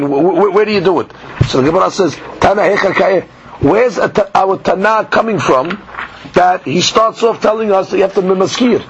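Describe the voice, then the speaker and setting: A man teaching a Talmud lesson, reading text line by line and explaining it, often stumbling and repeating words. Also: high voice. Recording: dull lo-fi recording with faint noise.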